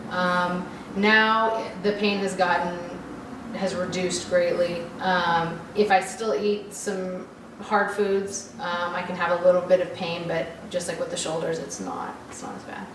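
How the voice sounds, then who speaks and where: A woman's voice: fairly low pitch, fairly even intonation, unhurried. A young woman from Oklahoma, a patient, answering questions in a hesitant way with many ums. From Oklahoma, USA. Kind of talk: casual interview. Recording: roomy, distant mic, audible noise.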